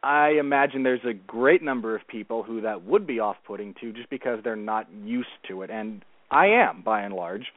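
A man guesting on a casual movie chat podcast, speaking in a measured, articulate, considered way. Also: on the low side, dry recording. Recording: tinny phone-like dry sound.

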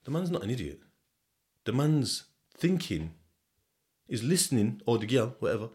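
A man's voice: medium pitch, very animated, moderate pace, a little mellow. A young man from Sheffield with a Sheffield accent, hosting a podcast in a loose, rambling monologue, swearing freely and chuckling often. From Sheffield, England. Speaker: podcast host.

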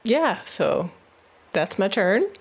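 A woman's voice: medium pitch, sing-song, takes it slowly, breathy edge. A woman playing in a tabletop game, with a dry, wry manner. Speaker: player. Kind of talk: casual tabletop play.

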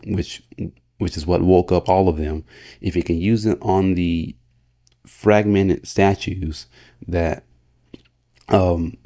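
A man with a low, dark, mellow voice hosts a solo podcast. He talks casually and earnestly, in a motivational tone, laughing often and restarting his sentences as he goes. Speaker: podcast host.

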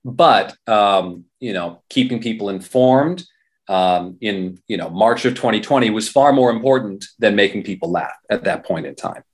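Rambling low-voiced male guest. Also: lively intonation, moderate pace. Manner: rambling, many restarts and fillers. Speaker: guest, radio journalist and fair performer. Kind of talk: casual interview talk.

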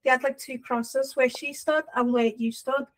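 High-voiced chatty woman podcaster. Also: steady tone, dry recording. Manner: chatty storyteller, quick fillers and quoted asides. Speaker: podcast co-host. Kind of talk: casual chat.

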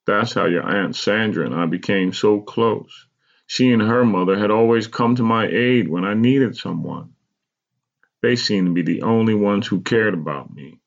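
A man's voice: on the low side, moderate pace, creaky, highs cut off, voice pushed up. A man voicing a regretful mother who recounts a painful youth, speaking in a raised, strained voice. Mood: pained. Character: pained, regretful mother recalling a hard youth.

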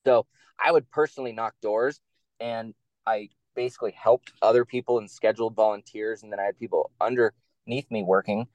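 A man, a former campaign staffer, telling stories in a casual interview in a blunt, profane and animated way. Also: on the low side, a little fast, dry recording, muffled recording.

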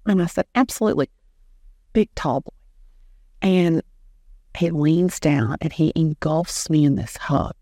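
A middle-aged woman, an animated storyteller who acts out the dialogue she quotes. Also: low-pitched, a little slow, no room sound, studio quality. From Southern US. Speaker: guest, real estate agent. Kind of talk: storytelling in an interview.

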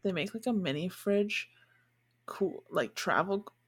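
A woman's voice: lowish voice, lively intonation, a little slow, breathy edge. A young woman co-hosting a podcast, chatting casually and filling her talk with "like". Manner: chatty, lots of "like" fillers. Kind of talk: casual chat.

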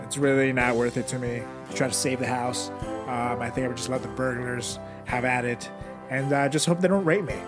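Deadpan joking man, music behind. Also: medium pitch, brisk. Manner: deadpan absurd jokes, crude, laughs at own bits. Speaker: podcast host. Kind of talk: casual comedic chat.

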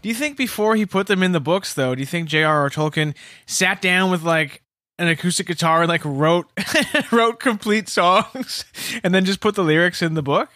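A male co-host with a high, bright voice who rambles and giggles through silly tangents. The recording is dry and close. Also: moderate pace, dry recording. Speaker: podcast co-host. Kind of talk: casual comedy chat.

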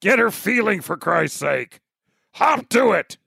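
A man's voice: high voice, very animated, slow pace, vocal fry, sharp tone, slightly rough, no echo, studio quality, pitched above the performer's own voice, heavily acted. A man putting on the voice of a stingy, cranky old male boss who barks orders and squawks like a bird. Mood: cranky bossy. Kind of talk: comedic impression in casual chat.

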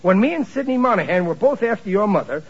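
A man's voice: sits high, very animated, fast, husky, exaggerated voice. An actor playing a blustering, flustered working-class father who talks in bad grammar, in a 1940s radio sitcom with a muffled old broadcast sound. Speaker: sitcom lead.

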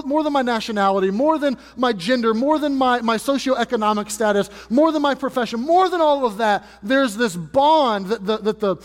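A male pastor preaching a sermon, earnest and emphatic, building intensity through repeated phrases. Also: very high voice. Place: church sanctuary. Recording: church hall reverb.

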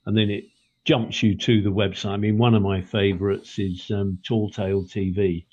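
A British man with a lowish, husky voice talks in a loose, rambling way, stopping and restarting his thoughts. The sound is dull and a bit lo-fi, like a remote call. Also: flat delivery, normal speed, a little mellow. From Britain. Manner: rambling, self-correcting, with many ums and restarts. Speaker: author and podcast guest. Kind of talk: casual chat.

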